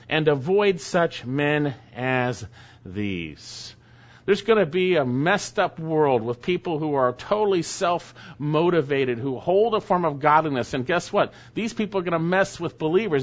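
Man preaching, slightly high voice, reads scripture slowly then casual asides, dull lo-fi recording. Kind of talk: expository sermon. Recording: dull lo-fi sound.

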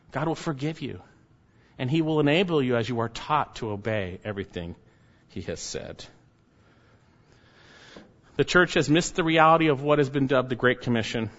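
A man preaching a sermon as a pastor, emphatic, firing off rhetorical questions and letting his closing words fall soft and low. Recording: slightly dull lo-fi sound.

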